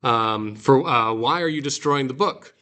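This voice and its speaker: A man teaching a guided reading class, explaining slowly and patiently with fillers and restarts. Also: medium pitch, pushed and bright. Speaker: Greek teacher.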